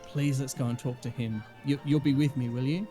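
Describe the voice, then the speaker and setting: A man voicing an eager, excitable young woman adventurer in a tabletop game. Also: medium pitch, a little fast, soft background music, close to an everyday voice.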